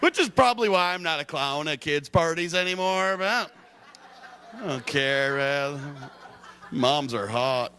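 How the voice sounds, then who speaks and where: A young man from Michigan doing a stand-up comedy set in a club, hyper, loud and crude, laughing at his own jokes. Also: on the high side, lively intonation, a little slow, slight background noise.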